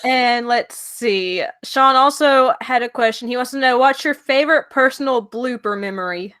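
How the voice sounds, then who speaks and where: A woman's voice: fairly high pitch, moderate pace, a bit bright, smooth. A woman with a Southern US accent hosting an interview, friendly and reading viewer comments aloud. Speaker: interview host. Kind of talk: casual interview chat.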